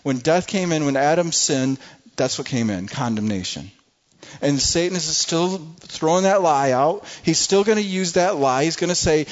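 A male preacher delivers an emphatic sermon, stumbling and repeating words as he pushes on. His voice sits slightly higher than most men's, and the recording is muffled and lo-fi. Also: expressive, normal speed.

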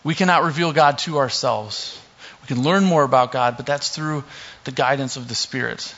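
A man's voice: medium pitch, moderate pace, gravelly. Young male pastor, casual sermon, joking asides, muffled lo-fi sound. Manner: relaxed, joking asides, many fillers. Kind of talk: casual sermon with scripture reading. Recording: dull lo-fi recording.

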